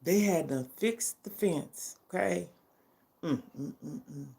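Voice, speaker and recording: An older woman chats with her vlog audience in a casual, personal way, her voice lowish, slow, mellow, and touched with vocal fry. She's heartfelt and emphatic, often checking in with the people watching.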